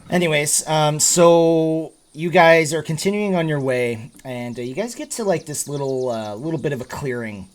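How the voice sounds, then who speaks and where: A man's voice: on the high side, normal speed, hardly any pauses. A man narrating as game master, with a loose, rambling delivery full of fillers.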